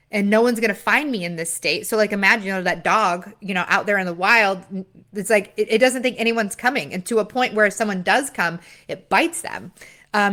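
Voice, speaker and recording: A woman's voice: mid-range voice, a bit bright. Woman business coach, own voice, casual confessional vlog delivery, loose and rambling. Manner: candid, rambling, with filler and retold dialogue.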